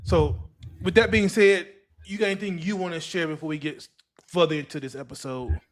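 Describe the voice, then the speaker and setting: A man hosts a casual podcast, voice sitting a touch high for a man. He talks loosely and rambles, circling back and restarting his thoughts. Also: steady tone, a little fast. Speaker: podcast host.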